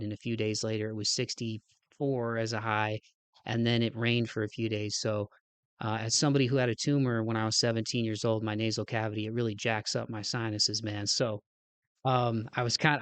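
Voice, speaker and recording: A man's voice: lowish voice, no echo. Nasal, stuffed-up male podcast host. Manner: rambling, earnest, keeps saying "man". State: a little out of breath. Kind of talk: casual podcast outro.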